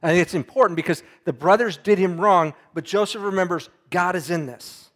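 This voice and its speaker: A man's voice: high-pitched, fairly quick, fairly bright tone. A man preaching a Bible lesson in a casual, conversational way, retelling scripture in everyday words and asking his listeners questions.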